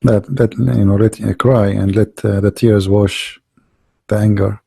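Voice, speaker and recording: A man with a gravelly, husky voice hosts a casual online debate call. He talks in halting bursts, repeating words as he searches for them, and grows blunt and confrontational. His tone is dark and mellow, recorded dry and close. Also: lowish voice, level tone, no room sound.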